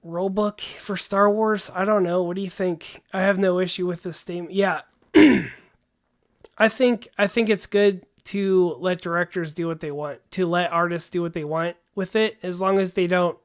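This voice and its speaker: A man's voice: high voice, steady tone, moderate pace. Laid-back man casually rambling on a livestream. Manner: laid-back, rambling, says "dude" often. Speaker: livestream host.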